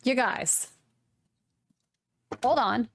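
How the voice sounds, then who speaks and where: A young adult woman hosting a knitting podcast, chatting casually in a rambling, animated way. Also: a little high, very slow, vocal fry. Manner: rambling, animated, swearing mildly. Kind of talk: casual chat to camera.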